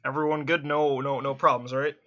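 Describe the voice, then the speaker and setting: A man's voice: mid-range voice, little pitch movement, a bit bright, dull audio. A man running a tabletop game as game master over voice chat, talking casually with many fillers and restarts. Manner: casual, quick, halting with fillers.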